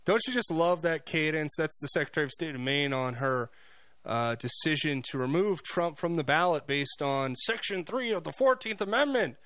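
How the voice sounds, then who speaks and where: Here a male talk radio host, his voice on the high side and a bit bright, rattles off an animated, scornful monologue full of opinions. He talks fast, keeps restarting, and repeats himself, with no room sound in the recording.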